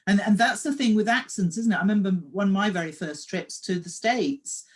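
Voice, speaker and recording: A woman's voice: medium pitch, brisk. A woman hosting a conversation, affirming her guest and sharing her own stories. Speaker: host and story coach. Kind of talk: casual interview conversation.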